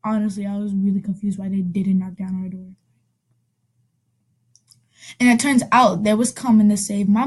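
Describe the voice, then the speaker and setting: A vlogger with a mid-range, darkish voice tells a personal story casually. She rambles, correcting herself with quick asides.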